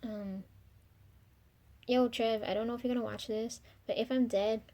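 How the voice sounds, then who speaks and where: A young woman speaks in a fairly high voice that barely rises or falls, holding to one even tone. She rambles through a confessional video diary, filling her pauses with ums and dropping casual swears. Her voice often trails off softly between thoughts. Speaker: vlogger.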